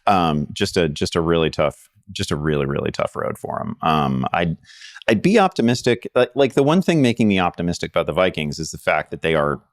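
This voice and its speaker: Deep-voiced man talking fantasy football. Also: animated, fairly quick, no room sound, clean studio sound. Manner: rambling with frequent restarts and laughs. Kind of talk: casual sports analysis chat.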